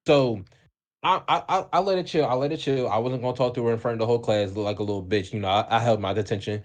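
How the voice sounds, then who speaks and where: A young man co-hosting a podcast, telling a story in a casual, animated way, acting out the people in it with lots of slang and swearing. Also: mid-range voice, fast. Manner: animated, acts out quoted voices, heavy profanity and slang. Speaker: podcast co-host.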